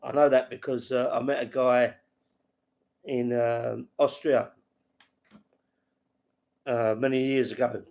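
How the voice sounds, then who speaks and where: Man, gravelly voice, casual livestream host, rambling, talks to chat by name. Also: medium pitch, little pitch movement, slow, long pauses, a little mellow. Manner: rambling, chats with viewers by name; laughs at his own stories.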